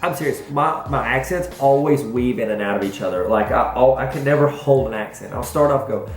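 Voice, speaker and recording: A man's voice: medium pitch, a little fast, few pauses. A man with a Southern US accent, a school principal answering viewer questions in a playful, rambling, self-mocking way. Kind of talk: casual Q&A vlog. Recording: echoey room with faint music.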